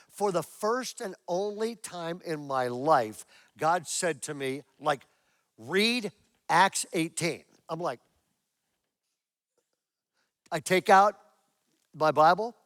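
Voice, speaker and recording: A man's voice: high-pitched, fairly bright tone, no room sound, studio quality. A man in his sixties, a pastor preaching a sermon to a church congregation, telling a story with animation and acting out his own prayers. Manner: asks the congregation questions.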